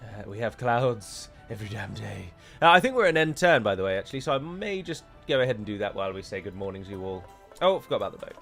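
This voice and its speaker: A man's voice: lowish voice, very animated, fast talker, creaky, fairly bright tone, soft background music. A British man giving chatty live commentary as he plays a strategy game, breaking into mock-heroic pronouncements. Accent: British English. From United Kingdom.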